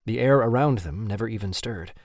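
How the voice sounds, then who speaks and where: A man narrating an audiobook in a steady, even storytelling manner. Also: lowish voice, brisk, dry recording, studio quality.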